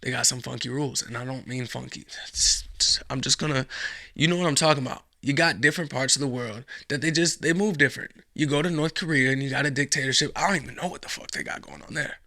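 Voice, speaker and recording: A man's voice: medium pitch, quick pace, vocal fry, sharp tone, no room sound, clean studio sound. A man hosting a podcast, rambling casually through a profane monologue with sarcastic asides. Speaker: podcast host.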